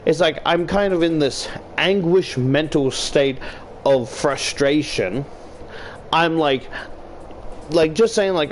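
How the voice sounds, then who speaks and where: A young man from Australia rambling in a casual gaming stream chat, swearing often and getting loud when worked up, talking into a desk mic at home. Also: a little high, takes it slowly, a little hiss or hum. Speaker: YouTuber. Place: home room while gaming.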